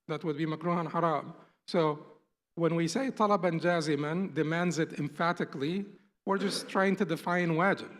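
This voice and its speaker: A man's voice: on the high side, a bit bright, big-room sound. A male instructor giving a classroom lecture, explaining patiently and restating his points. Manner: patient, explanatory, often rephrases and restates terms.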